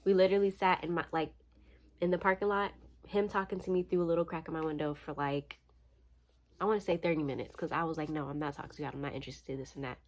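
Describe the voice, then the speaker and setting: A young woman from Florida, tired, telling a personal story in a casual, animated, slangy way. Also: low-pitched, fast talker. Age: young adult. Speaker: vlogger.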